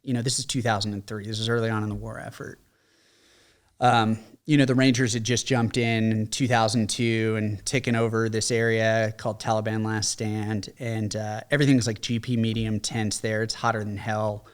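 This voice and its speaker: An American man in his forties, a veteran guest telling stories in a casual interview, animated, acting out quotes with many fillers. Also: on the low side, normal speed. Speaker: podcast guest, combat veteran.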